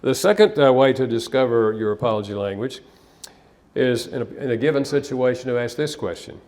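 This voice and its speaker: A man's voice: mid-range voice, expressive, fairly quick, a little mellow. A man counselor giving a live seminar talk to an audience, conversational and anecdotal, with occasional restarts. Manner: conversational, storytelling, some repeated restarts.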